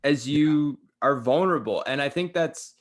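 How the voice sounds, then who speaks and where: A man's voice: fairly high pitch, normal speed. A male Canadian radio host chatting with a guest, earnest and enthusiastic, often turning to speak to the listeners. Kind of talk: radio interview chat. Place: radio studio.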